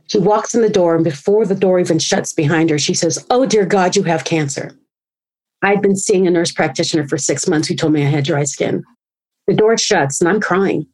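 A woman in her forties speaks as a podcast guest, her voice sitting a little low. She tells her story with animation, slipping into the voices of the people she quotes. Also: fairly quick, darkish tone, poor audio. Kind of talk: storytelling interview.

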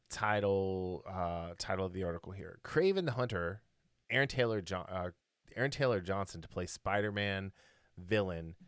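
A podcast co-host with a low, clear, resonant voice chats casually, rambling and opinionated, full of fillers and restarts. The studio-quality sound has no echo.

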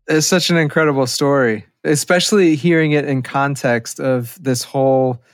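A man's voice: mid-range voice, moderate pace, no room sound, soft background music. Man interviewing in a dry, close sound. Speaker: interviewer, host. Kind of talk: interview questions and narration.

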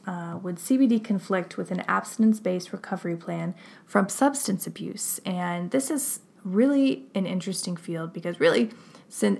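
A woman in her thirties talks through a podcast episode in a chatty, upbeat way, scattering ums as she goes. Her voice sits a little low and carries a gravelly, creaky edge. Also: a little mellow. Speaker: podcast host. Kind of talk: casual podcast monologue with ad reads.

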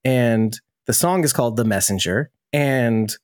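A man's voice: medium pitch, a little slow, dry recording, studio quality. A man hosting a casual podcast, talking in a jokey, rambling and self-deprecating way. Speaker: podcast host.

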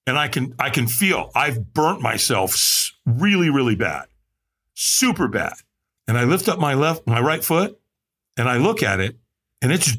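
Man, podcast guest, animated storyteller, husky, bright tone, lively pitch. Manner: dramatic, acts out quotes with big pitch jumps.

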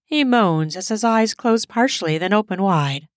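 A woman narrates an erotic audio story in a steady, explicit storytelling manner. Her voice sits close to the mic with a dry, dead sound. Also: mid-range voice, moderate pace, no echo.

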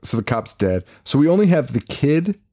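A man's voice: mid-range voice, moderate pace. Laughing, foul-mouthed man recapping a movie. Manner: profane, laughing, animated retelling. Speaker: podcast co-host. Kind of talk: casual chat recapping a movie.

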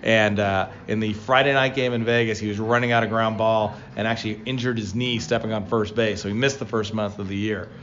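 A man co-hosting a casual baseball talk show, telling player stories with lively excitement. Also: a little fast, hardly any pauses, highs cut off. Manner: storytelling, animated, rising pitch when excited. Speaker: baseball podcast co-host, former player. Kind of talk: casual sports chat.

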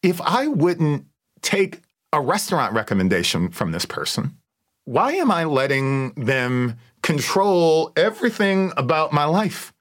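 A man, a guest who hosts a podcast, telling lively stories in conversation and acting out the people he quotes. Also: on the high side, measured pace. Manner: animated, acts out quoted voices. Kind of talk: storytelling conversation.

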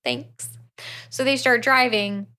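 A woman's voice: medium pitch, normal speed, fairly bright tone. A woman co-hosting a podcast, recapping a book in casual chat. She acts out the characters' lines and swears freely. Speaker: podcast co-host.

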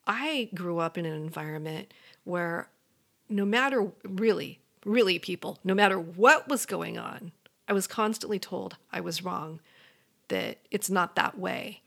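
A woman's voice: lowish voice, lively intonation, a little slow, gravelly, a bit bright. Earnest woman coaching listeners on a podcast. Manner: earnest, encouraging, speaks straight to the listener. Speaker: podcast host and life coach. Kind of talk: motivational podcast monologue.

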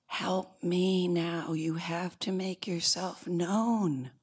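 A woman voicing a gentle, persistent male elephant who speaks earnestly. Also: fairly low pitch, steady tone, very slow, husky, exaggerated voice. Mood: urgent.

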